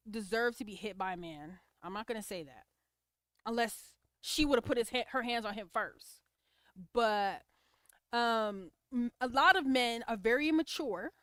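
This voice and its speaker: A woman's voice: on the high side, unhurried, a bit bright, clean tone, dry recording, clean studio sound. A woman hosting a casual livestream, giving opinionated commentary on clips and reacting to viewer comments. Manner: opinionated, talks back to chat comments.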